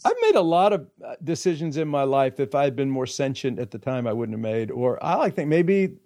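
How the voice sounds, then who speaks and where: A man's voice: mid-range voice, very animated, brisk, darkish tone. A middle-aged man casually telling a long personal story, acting out quotes and often laughing.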